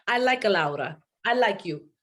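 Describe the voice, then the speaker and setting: A woman voicing a jovial record producer man, insistent and excited. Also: sits high, moderate pace. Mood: excited, friendly.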